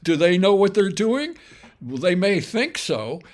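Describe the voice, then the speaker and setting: Speaking unhurriedly in a high, very animated voice, an older show host tells the story of his business past, casual and wry, full of asides and corrections to himself.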